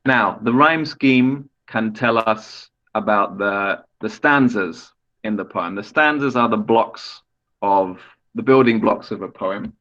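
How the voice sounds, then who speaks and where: A man's voice: lowish voice, slow pace, a bit bright, highs cut off. A man lecturing on poetry in an online class, explaining patiently, often restarting phrases and asking students questions. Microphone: video call.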